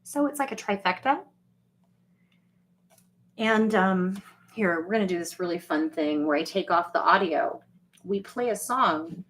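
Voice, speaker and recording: Woman, casual livestream chat, rambling, swears, speaks to viewers, unhurried. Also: mid-range voice, expressive, a bit bright. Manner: rambling, profane, talks straight to viewers. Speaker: livestream host.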